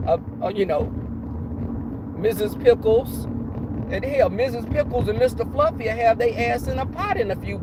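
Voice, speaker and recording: High-voiced man telling stories with a cold. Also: noisy background. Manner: laughing, salty-mouthed, animated storyteller. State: has a cold. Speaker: livestream host. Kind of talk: casual storytelling.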